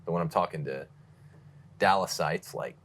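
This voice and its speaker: A man in his thirties with a very deep, low voice, talking as a podcast guest. He answers with dry, sarcastic humor. A faint hum runs behind him. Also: normal speed, a bit bright. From California, raised in Texas. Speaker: guest author. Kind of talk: casual interview chat.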